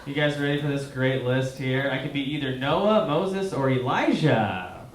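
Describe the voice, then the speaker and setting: A man's voice: medium pitch, animated, moderate pace, heavy background noise. A man doing a stand-up comedy set in a small theater, talking to the crowd and asking them questions. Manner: conversational, asks the crowd questions. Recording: roomy live theater recording with crowd. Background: audience laughing.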